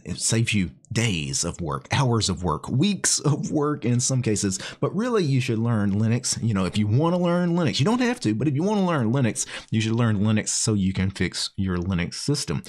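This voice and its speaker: A man's voice: on the low side, a little mellow. A man hosting his own channel, explaining commands step by step in a casual, conversational way, often adding "you know" and "right?". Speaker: channel host. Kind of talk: casual screen-share tutorial.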